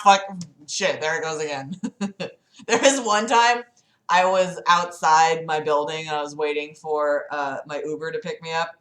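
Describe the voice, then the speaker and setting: A woman's voice: on the low side, fairly bright tone, roomy sound. A young woman hosting a casual livestream from her city apartment, rambling and giggling, with lots of "like". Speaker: livestream host.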